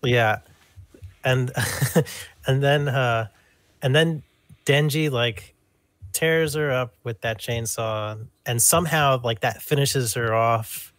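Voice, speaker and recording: A man's voice: medium pitch, slow, a bit bright, no room sound. A man in a casual podcast chat with a mid-range voice, recorded dry and close. He talks things through hesitantly, with plenty of fillers and puzzled questions. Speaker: podcast co-host.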